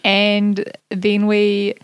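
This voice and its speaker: A woman's voice: mid-range voice, monotone, drawn-out words, clean tone, dry recording. A woman co-hosting a casual chat podcast, playful and laughing often. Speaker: podcast co-host.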